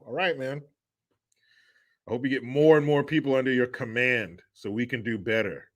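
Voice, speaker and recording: A man's voice: medium pitch, moderate pace. A man hosting a casual livestream, reading out viewer donations with joking, sarcastic remarks and frequent laughter.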